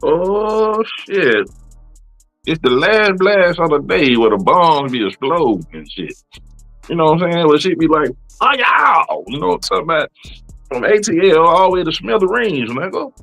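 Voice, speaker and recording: A man's voice: a little high, very animated, normal speed, gravelly, fairly bright tone, soft background music. A man hosting a podcast, talking in loose, profane, streetwise banter. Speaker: podcast host. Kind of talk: casual podcast chat.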